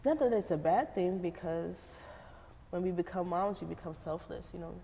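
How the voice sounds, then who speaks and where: A woman's voice: on the low side, moderate pace, warm tone, big-room sound. A woman hosting a casual interview, chatty, who laughs often and says "like" a lot. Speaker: interviewer and show host.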